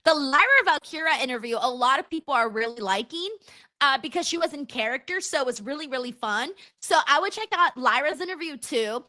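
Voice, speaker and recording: A young adult woman hosting a casual livestream, reading out viewer messages in an excitable way, laughing often and swearing freely. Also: high-pitched. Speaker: livestream host. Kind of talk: casual watch-along chat, reading viewer donations.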